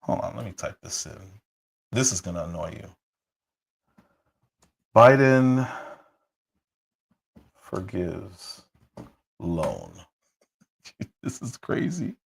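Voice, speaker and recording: A man hosting a political commentary livestream, hoarse from a cold, talking heatedly with rhetorical questions and frequent restarts. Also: low-pitched, very animated, slow pace, long pauses, rough recording. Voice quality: husky. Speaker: livestream host.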